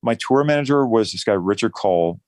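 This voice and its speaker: A man's voice: lowish voice, expressive, brisk, darkish tone, no room sound. A middle-aged man from New Jersey, a musician guest telling rambling, self-deprecating stories in a casual interview.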